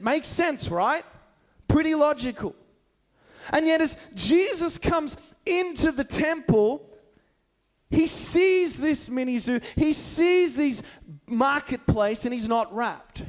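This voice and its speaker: A man preaching a sermon as a pastor, talking in a conversational way and often checking in with his listeners with rhetorical questions. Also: very high-pitched. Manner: conversational, keeps asking the listeners "right?".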